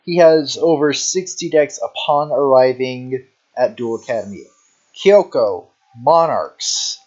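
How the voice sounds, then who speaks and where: A man's voice: medium pitch, expressive, darkish tone, lo-fi sound. A man in casual rambling commentary, talking sleepily with lots of "you know" fillers. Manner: unhurried, drawn-out delivery. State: sleepy, yawning. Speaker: deck showcase narrator.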